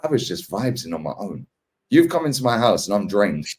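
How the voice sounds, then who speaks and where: A man's voice: fairly low pitch, big pitch swings, a little fast, darkish tone, breathy edge. A man with a London accent hosting a casual chat, telling stories full of slang, swearing and laughter. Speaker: podcast host. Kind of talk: casual banter.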